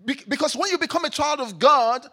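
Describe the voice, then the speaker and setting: A man preaching a sermon as pastor, emphatic, swinging between loud declarations and quiet reflection. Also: extremely high pitch, lively intonation, fairly quick.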